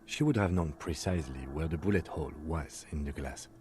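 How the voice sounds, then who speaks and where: A man voicing a calm, methodical police lieutenant in a detective video game, speaking in a dry, level, precise way. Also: very deep voice, fairly quick.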